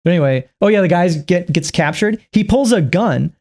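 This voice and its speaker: A man giving a casual, rambling and profane movie recap, acting out the characters in squeaky put-on voices. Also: animated, normal speed, a little mellow. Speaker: movie reviewer.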